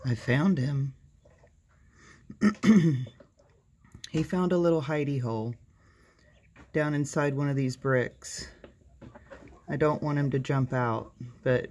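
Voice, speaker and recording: A homestead vlogger talks to viewers outdoors by a backyard coop. The vlogger is chatty and excitable, keeps saying "you guys", laughs often, and sounds flustered and jittery. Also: mid-range voice, takes it slowly, long pauses, slight background noise. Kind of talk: casual vlog narration to camera.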